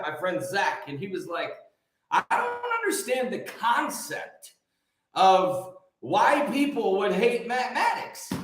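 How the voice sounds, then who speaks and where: An American man hosting a morning livestream, hyped and shouting out viewers by name with rhyming catchphrases. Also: high voice, heavy reverb, rough recording. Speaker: livestream host. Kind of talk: upbeat live-stream greeting viewers.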